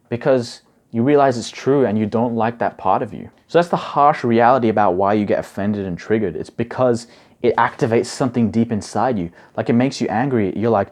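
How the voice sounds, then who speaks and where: A man's voice: medium pitch, a little mellow. A young man giving casual advice as a coach, chatty and full of "like" and "bro". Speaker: study coach.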